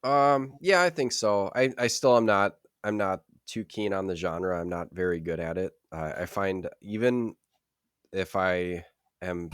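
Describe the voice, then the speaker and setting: Deep raspy sick man, very low voice. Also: a little slow, dry recording, studio quality. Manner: laughs often, self-deprecating. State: sick, hoarse. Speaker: podcast co-host. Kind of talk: casual podcast chat.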